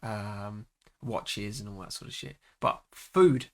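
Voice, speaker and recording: A man's voice: fairly low pitch, slow pace, vocal fry. A young man from England chatting casually on a podcast, laughing often and adding trailing asides. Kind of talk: casual chat.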